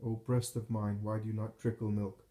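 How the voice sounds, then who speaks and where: A man's voice: lowish voice, little pitch movement, normal speed, warm tone, natural voice. A man voicing a grieving mother who cries out in anguished lament at her dying son's cross, in a roomy, echoing recording. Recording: roomy echo.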